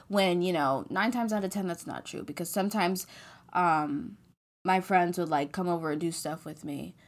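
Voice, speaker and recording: A young woman in her late teens co-hosting a podcast, talking candidly and self-mockingly, with frequent swearing. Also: lowish voice. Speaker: podcast co-host. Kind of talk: casual chat.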